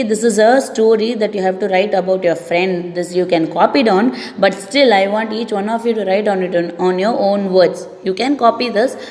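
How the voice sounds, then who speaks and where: A woman teacher with an Indian English accent giving an English lesson to pupils, repeating each word slowly and explaining it. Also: medium pitch, darkish tone. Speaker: schoolteacher. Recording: echoey room, long reverb.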